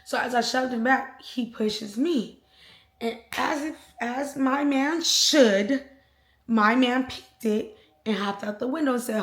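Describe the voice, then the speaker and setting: A woman's voice: a little high, slow. Chatty woman telling a story, echoey. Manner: chatty, slangy, animated retelling. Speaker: storytime vlogger. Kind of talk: casual storytelling.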